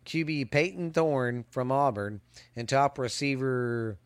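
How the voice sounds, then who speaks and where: A man talks through a college football preview at an unhurried pace, often tripping over his words and starting lines again. His voice comes across smooth and clear, and the recording is dry and close. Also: mid-range voice, no echo. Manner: halting, stumbles and restarts while reading stats. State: hiccups. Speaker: podcast host. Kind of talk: casual sports preview commentary. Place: hot outdoors.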